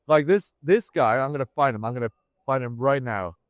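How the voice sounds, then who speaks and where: A man's voice: medium pitch, fairly quick, dry recording. A man from Britain, a guest on a livestream, talking in a rambling, casual way and laughing as he goes.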